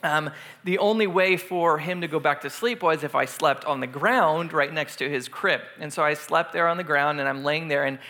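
High bright-voiced man telling a story. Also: moderate pace. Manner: animated storyteller, acts out screams. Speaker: youth pastor. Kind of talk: sermon with a personal story.

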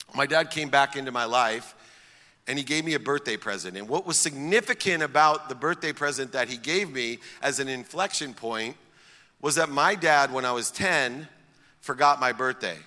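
A middle-aged man from Ohio recounts a personal story in an emphatic speaker's style, stacking his points in repeated lists. His voice is bright and forceful. It carries a long reverb. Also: medium pitch, expressive, normal speed. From Akron, Ohio, US. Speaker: public speaker.

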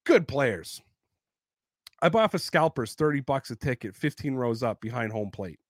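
A man in his thirties telling sports stories in a casual podcast chat, animated and heavy on swearing. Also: mid-range voice, normal speed, dry recording. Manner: profane, animated storyteller. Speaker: podcast co-host.

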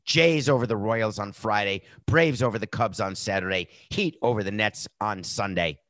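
A man hosting a sports betting podcast, talking casually and animatedly, jumping between loud outbursts and muttered asides. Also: lowish voice, normal speed, no echo.

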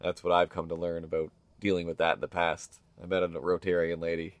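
A man with a very low, deep voice spins a rambling, anecdotal story in casual podcast chat. He slips into the voices of the people he describes. The sound is dry and close, with no room echo. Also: level tone, brisk. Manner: rambling anecdotal delivery, acts out quoted people. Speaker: podcast co-host.

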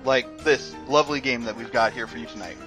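A man hosting and running a tabletop role-playing game online, talking casually with frequent pauses and fillers. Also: mid-range voice, music in the background. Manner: relaxed, hesitant with many uhs. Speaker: game master and host. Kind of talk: casual actual-play narration.

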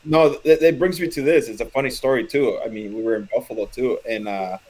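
A man and former pitcher telling stories in casual chat, acting out quoted lines. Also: brisk, darkish tone, poor audio. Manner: loose storyteller who acts out quotes.

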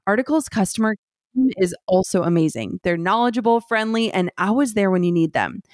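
A woman podcast host who asks interview questions and reads ads in a brisk, upbeat way. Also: medium pitch, darkish tone, dry recording, clean studio sound.

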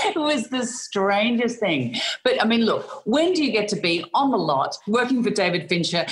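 A woman with an Australian accent, a guest in an interview, telling animated stories and laughing often. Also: medium pitch, normal speed, slight background noise. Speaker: guest actor. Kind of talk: animated anecdotal storytelling.

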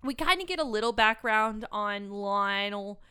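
A woman's voice: mid-range voice, animated, measured pace, pushed and bright, clear, resonant tone. A woman co-hosting a casual film podcast, recapping the plot in a chatty way with lots of asides. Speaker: podcast co-host.

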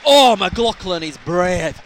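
A man hosting a casual football podcast, bantering and shouting when play heats up. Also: high-pitched, takes it slowly, loud music behind the voice, over a noisy crowd. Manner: excitable, shouts during attacks, banter. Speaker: podcast host. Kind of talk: casual football fan commentary.

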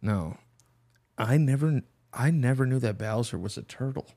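Young male co-host, lively and up-and-down, casual excitable banter. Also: mid-range voice, moderate pace. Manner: animated, excitable banter with swearing. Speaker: podcast co-host. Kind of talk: casual chat.

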